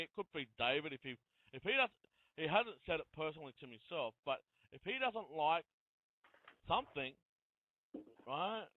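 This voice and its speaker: A man's voice: on the high side, dry recording. Man on a tinny phone line. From Australia. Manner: chatty, with long run-on turns. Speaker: interview host. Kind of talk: casual interview talk.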